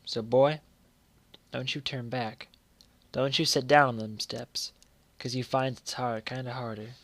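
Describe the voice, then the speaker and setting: Man voicing a tired old mother giving her son plain, folksy advice; keep it flat and level, dry studio feel. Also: medium pitch, unhurried, no echo. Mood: earnest.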